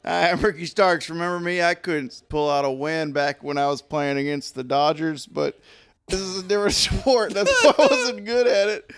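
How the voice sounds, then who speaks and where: A man voicing a retired football player selling cars in a hammy Southern-accented sales pitch. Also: steady tone, normal speed, fairly bright tone, clean tone. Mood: salesy. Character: retired football player hawking a car dealership.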